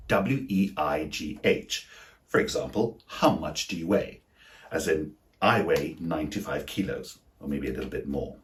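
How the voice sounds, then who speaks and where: A man with a British English accent teaching a video lesson on English words, spelling them out letter by letter. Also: deep voice.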